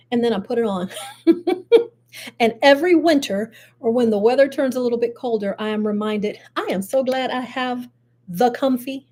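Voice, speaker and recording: A woman's voice: on the high side, darkish tone. An older woman with grandchildren, hosting a casual live stream, chatting and laughing as she greets her viewers. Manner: chatty, laughs often, addresses viewers directly. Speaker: host.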